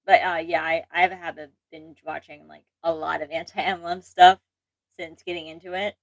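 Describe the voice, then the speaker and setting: Young woman host for a casual livestream; chatty and self-deprecating, fairly low pitch, dry sound. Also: level tone, fairly quick, no room sound, low-quality recording. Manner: chatty, rambling, self-deprecating, frequent laughs and restarts. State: occasional allergy cough. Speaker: channel host.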